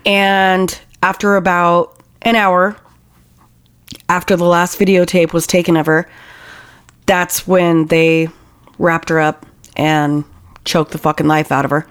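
A woman's voice: lowish voice, little pitch movement, slow pace, pauses often, smooth, no echo. A woman co-hosting a casual true crime podcast, recounting a case with anger and heavy swearing. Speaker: podcast co-host.

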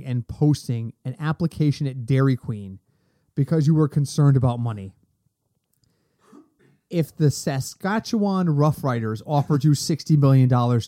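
Mellow-voiced man hosting a sports podcast. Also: medium pitch. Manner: animated, talks fast in bursts and rants. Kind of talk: casual sports chat.

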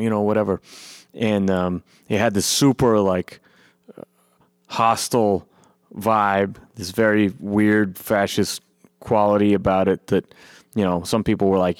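A man's voice: sits low, moderate pace, no echo, clean studio sound. A man, a punk band musician, talking in a casual, profane monologue and mocking people in quoted voices. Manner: profane, animated, mocks others in quoted voices.

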